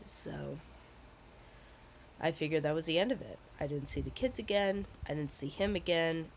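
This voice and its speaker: A woman's voice: low-pitched, normal speed, pauses often, slight background noise, poor audio. A woman vlogger telling a personal story in a casual, rambling way, swearing often and sounding shaken. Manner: profane, candid, rambling with restarts.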